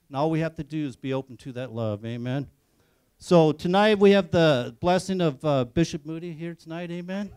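A man's voice: a little high, animated, moderate pace, darkish tone, clean tone. A man leading an evening church service, fervent, closing his phrases with amen. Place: church sanctuary.

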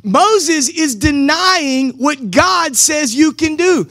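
A man with a strikingly high speaking voice preaches a sermon in a loose, conversational way. He mixes casual slang with urgent calls to the congregation, pushing hard on his main points. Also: expressive, slow, bright, forceful tone. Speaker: pastor. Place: church service streamed live.

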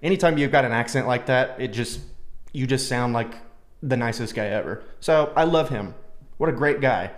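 A man's voice: medium pitch, normal speed. A man hosting a reaction video, joking crudely and sarcastically as he comments on clips. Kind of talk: casual commentary.

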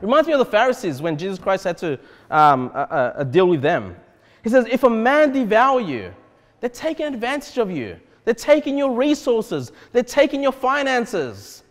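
High lively voice, guy preaching in a church, big hall echo, keeps saying okay. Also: normal speed. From Australia. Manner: animated, repeatedly checks in with "okay?". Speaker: pastor. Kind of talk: expository sermon.

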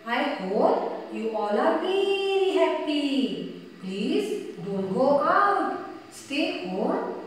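A woman with an Indian English accent teaching a nursery class in a slow, sing-song voice for small children. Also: high-pitched, very animated, a little hiss or hum. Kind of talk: online nursery class lesson. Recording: echoey room recorded from a distance.

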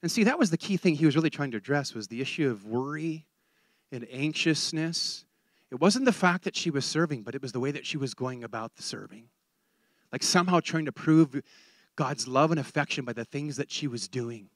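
Guy preaching a sermon, bouncy high voice, stumbles over words and restarts a lot, dry mic. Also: brisk, dry recording. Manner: animated, repeats words while building a point.

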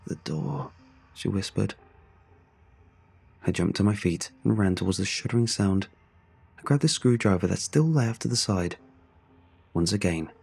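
A man's voice: sits low, gravelly, a little mellow, husky. A man narrating a first-person horror story in a dramatic, scripted reading. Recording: faint music behind the voice.

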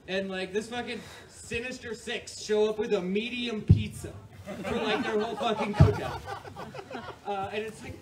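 On a comedy club stage before an audience, a stand-up comedian from New York delivers a meandering, foul-mouthed set and often cracks up at his own material. His voice is high and steady at a normal speed, captured by a far-off mic amid the noise of the live room.

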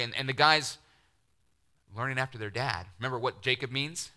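A middle-aged man preaching a sermon, animated, acting out the voices he quotes and dropping to near-whispers. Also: medium pitch, brisk. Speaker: pastor.

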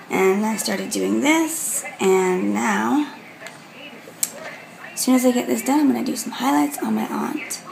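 A woman's voice: medium pitch, creaky, background noise. A young woman hair stylist rambling through a casual vlog at home. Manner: rambling, chatty, slips into whispers.

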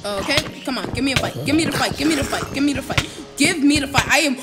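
A woman narrates her own gameplay in a fairly high voice, excitable and rambling as she trash-talks her enemies. Background music plays clearly underneath her voice. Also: quick pace. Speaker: gamer. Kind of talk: let's-play commentary.

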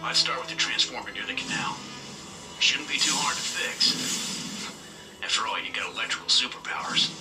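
A man voicing a calm adult male ally in a video game, speaking in a matter-of-fact way. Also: medium pitch, moderate pace, pauses often, close to an everyday voice. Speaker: game character. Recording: roomy game audio heard from far off with music.

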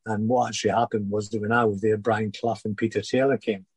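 An older former footballer, husky-voiced, recalling his career in a halting interview chat full of restarts. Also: fairly low pitch, flat delivery, no echo, low-quality recording. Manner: halting, many restarts and repeated words.

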